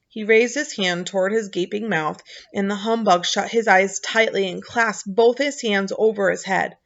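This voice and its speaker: A woman reading a children's novel aloud in an expressive way, with casual asides, in a dull lo-fi recording. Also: medium pitch, normal speed, creaky. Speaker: reader.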